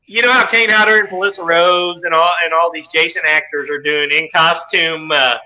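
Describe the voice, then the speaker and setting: A man's voice: fairly high pitch, fairly even intonation, normal speed, noisy background. A man co-hosting a podcast in casual chat, talking crudely and with lots of profanity. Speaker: podcast co-host.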